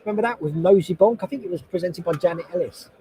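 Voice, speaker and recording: A man in his forties hosts a livestream from a convention hall. He rambles through a friendly, casual chat and reads out viewers' comments. His voice sits a little high with a soft, mellow tone, heard through a headset mic. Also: quick pace. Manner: rambling and chatty, reading chat comments aloud. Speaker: host. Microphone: noise-cancelling headset.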